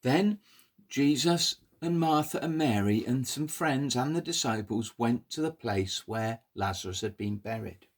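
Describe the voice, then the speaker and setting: A man telling a Bible story to toddlers in an animated, sing-song way, coaxing the children to pull faces. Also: medium pitch, measured pace.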